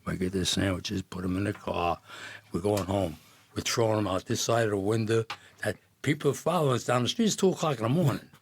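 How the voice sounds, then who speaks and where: A man's voice: on the low side, fairly quick, gravelly, a little hiss or hum. A man, a podcast guest telling rambling stories with frequent laughs and false starts. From Jersey City, New Jersey. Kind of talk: storytelling in casual conversation.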